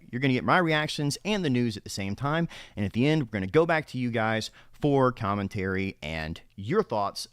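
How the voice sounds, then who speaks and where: A man's voice: medium pitch, fairly bright tone, no room sound, studio quality. A man hosting a gaming news show, reading the news out live and chatting casually about it as he reads. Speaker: gaming news channel host.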